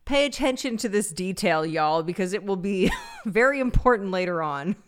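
A woman's voice: mid-range voice, animated, moderate pace, clean tone. A woman co-hosting a podcast, recapping a TV episode in wry, chatty talk. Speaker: podcast co-host. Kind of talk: casual recap chat.

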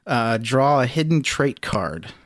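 A man's voice: mid-range voice, very animated, takes it slowly, fairly bright tone, no room sound, clean studio sound. A man co-hosting a comedy podcast, reading game rules aloud in a laid-back, swearing way. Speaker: podcast co-host.

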